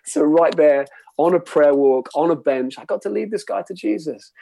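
A man speaks as a pastor in an earnest, conversational way, often pausing to ask "okay?". His voice sits a little high for a man. The recording is dry and close, with no room echo. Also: expressive, creaky, warm tone. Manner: earnest, conversational, frequent "okay?" check-ins. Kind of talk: encouraging church teaching talk.

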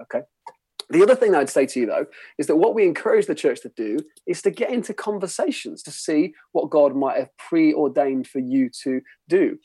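A man speaks as a pastor in an earnest, conversational way, often pausing to ask "okay?". His voice sits a little high for a man. The recording is dry and close, with no room echo. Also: darkish tone, slightly rough. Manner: earnest, conversational, frequent "okay?" check-ins. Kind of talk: encouraging church teaching talk.

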